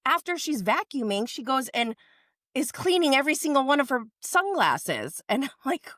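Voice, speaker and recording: A woman's voice: sits high, big pitch swings, moderate pace, a bit bright, dry recording, clean studio sound. A woman guest on a podcast, chatting casually and retelling a reality TV episode with lots of "like". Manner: chatty storyteller, many likes. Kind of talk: casual chat recapping reality TV.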